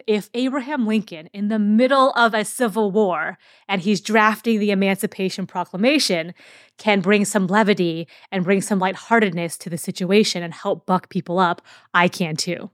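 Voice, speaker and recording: A woman hosts a podcast in a relaxed, conversational way, pausing now and then with fillers and restarting her thoughts. Her voice sits at an ordinary middle pitch. The recording is dry and close, with no room sound. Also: no echo. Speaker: podcast host. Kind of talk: casual educational podcast talk.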